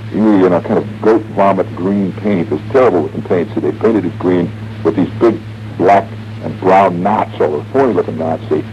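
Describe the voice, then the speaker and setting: A man's voice: on the low side, mellow. A man in his forties telling a long, wry, rambling story as a radio host, humming tunes and mimicking sounds along the way. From American Midwest. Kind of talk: late-night radio monologue. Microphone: studio radio mic. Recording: dull, muffled 1970s radio broadcast with faint hiss.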